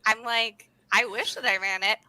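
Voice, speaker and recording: A young woman from the United States co-hosting a livestream, chatting in a bubbly, fast way with plenty of laughter. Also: a little high, steady tone, sharp tone, smooth, no room sound. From United States (grew up in Sacramento). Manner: bubbly, fast, laughing, says "oh my gosh" often. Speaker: livestream co-host. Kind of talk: casual chat.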